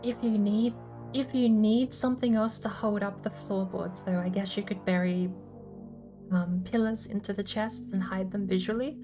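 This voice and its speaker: A woman's voice: medium pitch, steady tone, normal speed, music in the background. A woman hosting a casual livestream, thinking aloud as she explains her game build ideas. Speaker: streamer host.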